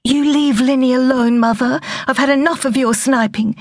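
A woman's voice: on the low side, big pitch swings, slow, husky, no echo, studio quality, exaggerated voice. A woman voicing a sunny-natured young mother in an audiobook, protective and emotional. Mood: angry. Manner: emotional, pleading.

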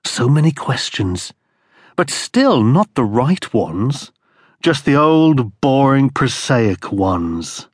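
A man voicing a muffled masked captor who speaks slowly and taunts with controlled anger. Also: mid-range voice, very animated, breathy edge, no room sound, clean studio sound, heavily acted. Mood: taunting. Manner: slow, measured and taunting.

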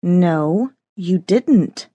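A young woman graduate student in an audiobook, voiced by the female narrator, quiet and tight with held-back anger. Her voice sits low and dry, close to the mic. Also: lively intonation, drawn-out words, husky, dry recording, highs cut off, exaggerated voice. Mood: tense. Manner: tense, through clenched teeth.

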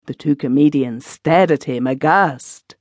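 A woman narrating a classic story as an audiobook narrator, measured and expressive. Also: low-pitched, no echo, clean studio sound. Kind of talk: scripted narration.

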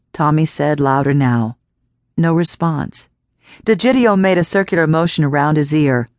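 Woman reading a horror audiobook, low voice, slow and steady, dry close mic. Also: no echo. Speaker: audiobook narrator. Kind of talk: scripted narration.

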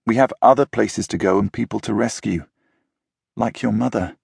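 A man's voice: lowish voice, normal speed, gravelly, darkish tone, breathy edge, no room sound, clean studio sound, exaggerated voice. A man voicing an earnest, protective young male leader in an audiobook, speaking urgently.

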